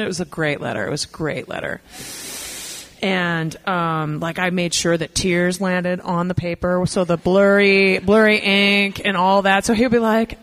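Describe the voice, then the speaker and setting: A woman's voice: fairly low pitch, normal speed. A woman singer and performer, telling a candid, profane, self-mocking story to an audience between songs.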